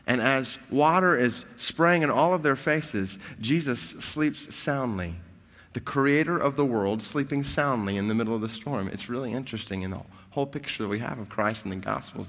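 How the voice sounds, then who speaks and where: A man preaching a sermon and retelling a story with animated, rising intensity. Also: mid-range voice, long reverb tail. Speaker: pastor.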